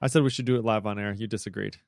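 A man's voice: fairly low pitch, fairly even intonation, rapid-fire, gravelly, slight background noise. A man hosting a podcast, trading playful, joking banter in casual chat. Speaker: podcast host.

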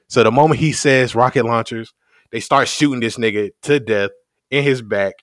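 A man's voice: medium pitch, normal speed, fairly bright tone, no room sound, studio quality. A man co-hosting a podcast, recapping in loose, slang-heavy casual chat and laughing often. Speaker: podcast co-host.

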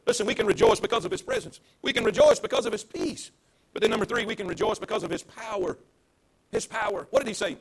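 A man's voice: sits high, lively intonation, fast, creaky, husky. A man, a pastor preaching a livestreamed sermon to an empty church, emphatic and repetitive, with call-and-response.

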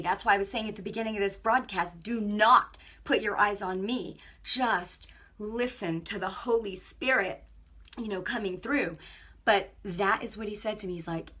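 A woman giving an impassioned spiritual testimony on her own broadcast, telling stories in an animated way that swings between hushed and loud. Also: mid-range voice, husky. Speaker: online ministry broadcaster.

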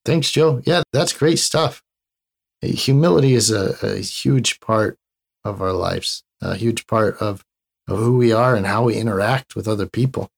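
Gravelly-voiced easygoing male co-host. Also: on the low side, a little slow. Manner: easygoing, conversational with fillers. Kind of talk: casual faith podcast talk.

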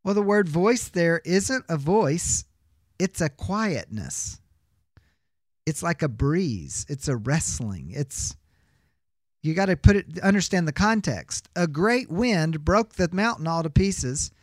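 Male Bible teacher, high pitch, dry close sound, emphatic lecturer who poses rhetorical questions. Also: big pitch swings, slow pace, no room sound. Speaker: biblical counseling teacher.

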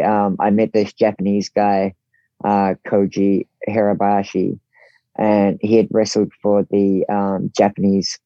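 A man in his forties with a New Zealand accent, a podcast guest telling his story in an easygoing, relaxed way and acting out what others said. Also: lowish voice, no echo. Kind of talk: casual storytelling interview. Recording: dull, slightly lo-fi dry sound.

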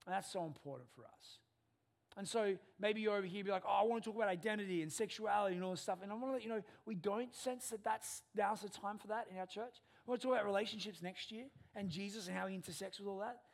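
A man in his thirties, a pastor preaching a sermon in a church and telling animated stories. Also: high voice, fast, gravelly. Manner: animated storyteller, acts out family dialogue.

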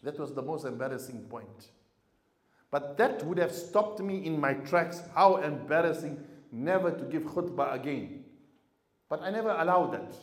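Male imam, sermon delivery, slightly high pitch, dynamic storyteller, roomy echo. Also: expressive, moderate pace. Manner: storytelling, swings from quiet to loud emphasis. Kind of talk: sermon to a congregation.

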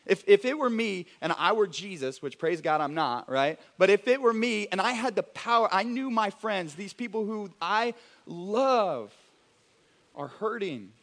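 A young pastor preaches a sermon to a church congregation in a high-set, unhurried voice. He's animated and conversational, often restarting his sentences and slipping into acted-out asides.

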